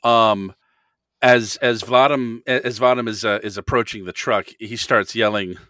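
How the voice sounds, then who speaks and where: A man playing in a tabletop game, describing his character's actions in an animated, rambling way. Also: fairly low pitch, a little slow, no room sound. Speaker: player.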